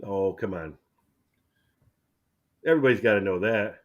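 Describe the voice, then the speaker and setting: A middle-aged man hosting a casual chat, relaxed and chatty, often repeating words as he starts a thought. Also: fairly low pitch, normal speed. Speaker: channel host.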